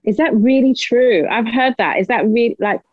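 A woman with a fairly high voice asks questions in disbelief. She is recorded dry and close. The sound is thin and tinny, like a phone line. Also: normal speed, dry recording. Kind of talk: casual conversation.

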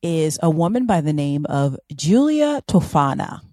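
A woman co-hosting a podcast, chatting casually and telling a story in an animated, playful way. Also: sits low, measured pace, dry recording, clean studio sound. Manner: animated, playful, fond of silly voices. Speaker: podcast co-host.

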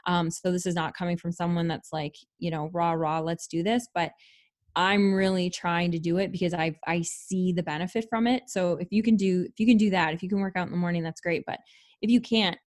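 A woman's voice: lowish voice, fairly quick. A woman co-hosting a podcast, giving casual practical advice with lots of fillers. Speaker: podcast co-host. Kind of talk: casual chat.

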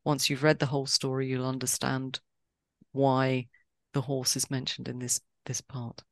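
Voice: medium pitch, flat delivery, moderate pace, gravelly, a bit bright, no room sound, clean studio sound. A podcast host chats casually with a guest, speaking cheerfully and often restarting sentences. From Britain. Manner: chatty, with frequent restarts and a cheery tone. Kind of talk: casual interview chat.

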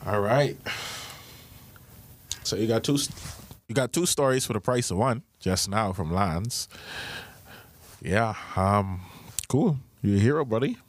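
Brief: low-voiced male podcast host, wry and playful, lively delivery, dry close mic. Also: a little slow, long pauses. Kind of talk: casual podcast chat.

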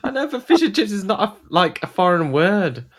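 A man's voice: sits high, sing-song, a little fast. A man with an English accent co-hosting a podcast, playful and laughing often. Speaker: podcast co-host. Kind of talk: casual chat.

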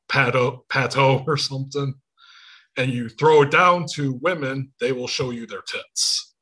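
Husky-voiced man with a Michigan accent. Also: mid-range voice, sharp tone. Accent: Michigan, Inland Northern. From Michigan, United States. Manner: storytelling with quoted voices, swearing freely. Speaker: podcast host. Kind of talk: casual chat. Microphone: video call.

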